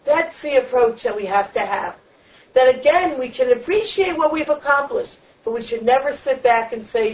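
A woman's voice: high-pitched, animated, moderate pace. A woman teaching a Torah lecture on the weekly portion in an emphatic, repetitive preaching cadence. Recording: distant, dull lo-fi room recording.

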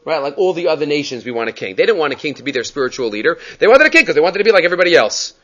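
A man's voice: on the high side, big pitch swings, very fast, fairly bright tone, dull audio. A man teaching a Torah class in English, quoting Hebrew texts and asking rhetorical questions as he explains.

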